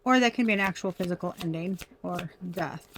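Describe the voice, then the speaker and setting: A woman's voice: on the low side, a little fast, slight background noise. Chatty laughing woman reading tarot. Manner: chatty, laughing often, addresses viewers as y'all. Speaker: tarot reader. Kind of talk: casual tarot reading to camera.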